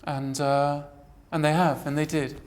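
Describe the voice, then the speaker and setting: A woman in her forties, an actress in an interview, speaking earnestly and reflectively with frequent halting restarts. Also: low-pitched, little pitch movement, darkish tone. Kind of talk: personal interview storytelling.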